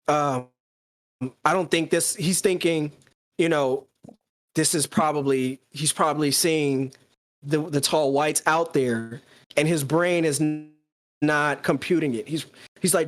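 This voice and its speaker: A podcast co-host talking casually, excitedly retelling a story and acting out the quoted lines. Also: male voice, on the high side, unhurried. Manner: excited, acts out quoted dialogue.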